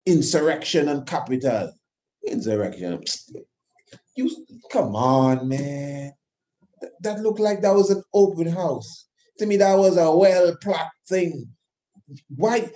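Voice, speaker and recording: A man's voice: high-pitched, takes it slowly, warm tone. A man delivering an impassioned monologue, emphatic and repetitive, firing rhetorical questions. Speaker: host of his own channel.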